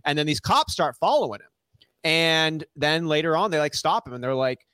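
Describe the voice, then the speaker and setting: A man tells a story in casual podcast chat, his voice a touch higher than most. He acts out every quote and often laughs. The sound is close and dry. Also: animated, normal speed, sharp tone, clean tone, no echo. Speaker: podcast co-host.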